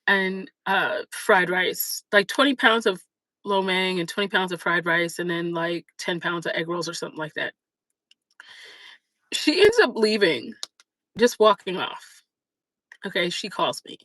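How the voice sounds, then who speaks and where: Bright, chatty woman telling a story. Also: lowish voice, a little slow, no room sound, poor audio. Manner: chatty, animated, many fillers. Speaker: livestream host. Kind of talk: casual storytelling chat.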